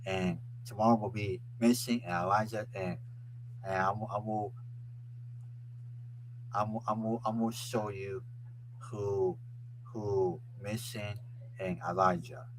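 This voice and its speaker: A man hosting a casual live stream who keeps restarting and repeating his phrases and breaks into loud, excited sports chants. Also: on the low side, slow pace, long pauses, background noise. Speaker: host of a live web show.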